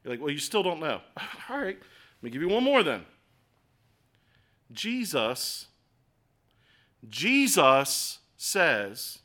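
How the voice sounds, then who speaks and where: A middle-aged man preaching a sermon in a conversational, animated way with acted asides. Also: fairly high pitch, takes it slowly, long pauses. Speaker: pastor.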